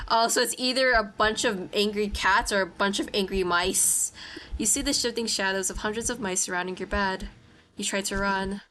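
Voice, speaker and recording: A woman's voice: mid-range voice, pushed and bright, a little hiss or hum. A woman streamer reading a visual novel aloud while playing, reacting with gasps and apologies between lines.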